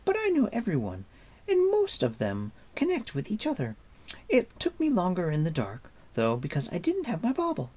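A man putting on a high, teasing young girl. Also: huge pitch swings, heavily acted. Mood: chatty. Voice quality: high, bright, scolding. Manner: quick, teasing and impatient. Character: chatty, mischievous young girl with a magic bauble. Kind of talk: audiobook character voice.

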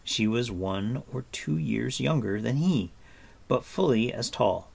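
A man narrating a fantasy novel aloud in an expressive storytelling manner. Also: mid-range voice, unhurried, creaky, slightly rough. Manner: expressive storyteller, acts out sounds and moods. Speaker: audiobook narrator.

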